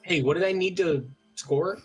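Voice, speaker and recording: A man's voice: high-pitched, normal speed, darkish tone, breathy edge, soft background music. A man playing at a tabletop game, joking sarcastically and swearing with laughter. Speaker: player. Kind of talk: casual game table chat.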